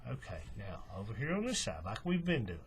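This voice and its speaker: Man, craft tutorial host, folksy hands-on explaining, lively up-and-down pitch, faint background hum. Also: brisk. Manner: relaxed, folksy, talks while working with his hands. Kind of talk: step-by-step hands-on demonstration.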